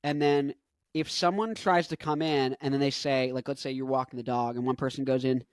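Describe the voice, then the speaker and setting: A man's voice: mid-range voice, steady tone, fairly quick, smooth, no echo. A man in his twenties chatting casually and at length, rambling with lots of fillers and self-corrections. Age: 20s. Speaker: musician and vlogger.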